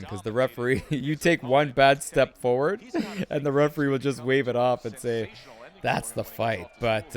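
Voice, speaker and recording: Laid-back man commentating a simulated fight. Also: mid-range voice. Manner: laid-back, says "man" often, bursts of excitement at big moments. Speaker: sports commentator and video host. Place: home setup, recording live.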